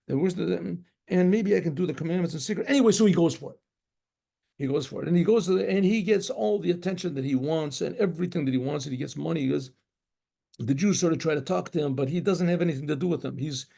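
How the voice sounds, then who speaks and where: A rabbi tells a story aloud quickly and loosely, in a rambling, conversational way, circling back and acting out shofar blasts among the sounds he describes. His gravelly voice has a mellow, darker tone and sits a bit higher than typical for a man.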